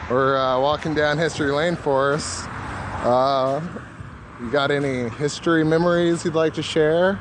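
A man's voice: on the high side, fairly even intonation, unhurried. A man hosting a solo podcast while walking down a street, rambling and laughing at his own jokes. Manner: rambling, self-amused, full of fillers. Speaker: podcast host. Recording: loud street noise outdoors.

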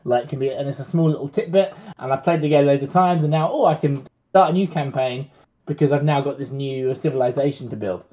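A man's voice: mid-range voice, a little fast. A man on a podcast panel, chatting casually about games in a rambling way and correcting himself as he goes. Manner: rambling, self-correcting, chuckling. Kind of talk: casual chat. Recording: dull lo-fi audio.

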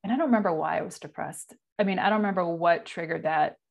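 Guest: forties woman, low gravelly voice, candid, halting delivery. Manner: candid, halting, many fillers. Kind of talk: personal interview.

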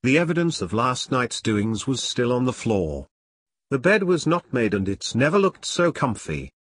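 A man reading a spooky story aloud as narrator, with slow, expressive storytelling. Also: medium pitch, husky, no room sound.

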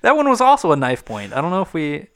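A man's voice: fairly high pitch, huge pitch swings, fast, fairly bright tone, a little hiss or hum. A man co-hosting a casual podcast, walking through a film's plot with dry, teasing humor. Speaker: podcast co-host. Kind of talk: casual comedic chat, film recap.

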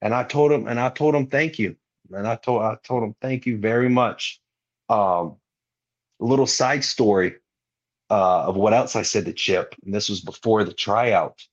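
Young guy on a podcast, kinda low voice, animated storytelling, muffled lo-fi sound. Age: 20s. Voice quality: animated, acts out other people's lines in quick bursts. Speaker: guest wrestler. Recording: muffled lo-fi recording.

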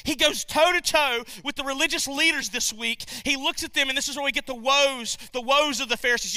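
A man preaches with a very high, sharp, bright voice, recorded close and dry. He is emphatic, repeats his key lines and asks the congregation questions. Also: brisk, hardly any pauses, no room sound. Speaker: pastor. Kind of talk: sermon.

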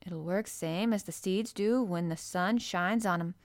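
A woman voicing a calm country boy in a storybook, speaking. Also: lowish voice, measured pace, dry recording, studio quality. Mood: gentle.

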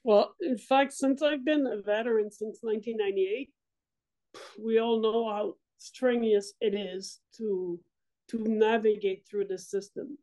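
A middle-aged woman veteran answering interview questions in a halting way, often repeating words as she searches for them. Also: a little high, fairly even intonation, dark tone, rough recording. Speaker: guest, military veteran.

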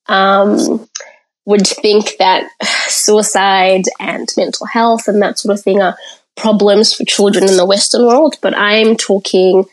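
A woman's voice: medium pitch, fairly even intonation. A woman from Africa, a podcast guest, telling her personal story in an interview in a candid, reflective way. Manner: candid and reflective, pausing to gather thoughts.

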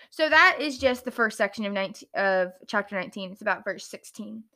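A woman's voice: medium pitch, lively intonation, a little fast, few pauses, sharp tone. A young woman reading scripture aloud and chatting about it casually, stumbling over words and filling with "like". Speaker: Bible study host. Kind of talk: casual Bible reading and reflection.

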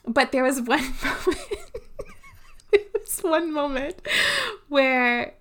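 Slow and high-pitched, this Louisiana woman trades stories as a co-host on a laid-back book podcast. She's a chatty storyteller who fills her talk with "like."

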